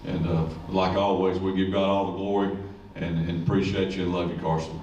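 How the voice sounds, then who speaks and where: A high school coach gives a folksy, rambling speech full of jokes in a lowish voice. He is picked up from a distance in an echoey room. Faint noise hums underneath. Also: flat delivery, a little fast, lo-fi sound. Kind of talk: ceremony speech.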